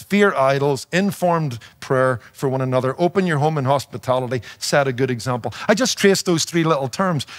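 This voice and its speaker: A man's voice: a little high, a bit bright. A man preaching a sermon with a noticeable accent that is not local to his listeners, emphatic and playful, with rhetorical questions. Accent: non-native to his audience, noticeable. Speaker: pastor and radio preacher.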